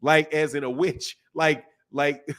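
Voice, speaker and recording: A fairly high-voiced man hosting a casual boxing livestream. He talks loosely in slang and jumps between points with lots of restarts. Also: fairly even intonation, slow, fairly bright tone. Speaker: boxing channel host. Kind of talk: casual livestream chat reading super chats.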